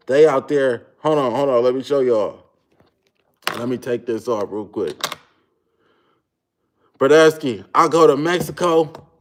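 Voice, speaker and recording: A young man with hosts a casual livestream, his voice sitting a little high for a man. He chats loosely in slang and keeps breaking off to greet viewers by name. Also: slight background noise. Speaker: livestream host.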